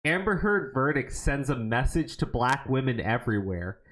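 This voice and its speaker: Animated, cursing man on a livestream. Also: medium pitch, normal speed. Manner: animated, profane, stammering restarts. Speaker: podcast co-host. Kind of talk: casual livestream commentary.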